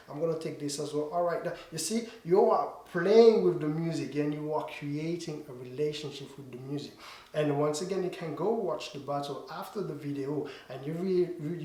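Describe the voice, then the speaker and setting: A man's voice: fairly high pitch, a little mellow, echoey room. A man teaching dance to camera, explaining points and repeating them, with small grammar slips. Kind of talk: instructional talk to camera.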